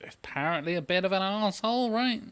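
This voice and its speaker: A man's voice: high voice, expressive, fast, a bit bright, clean tone. A man co-hosting a live film discussion, reading out the chat and making blunt, dry asides. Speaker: podcast co-host reading the chat.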